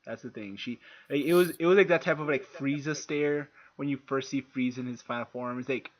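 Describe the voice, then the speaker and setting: A man's voice: mid-range voice, fairly quick, few pauses. A young man co-hosting a podcast in casual chat, laughing along and restarting his sentences. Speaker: podcast co-host. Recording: dull lo-fi mic that keeps cutting out.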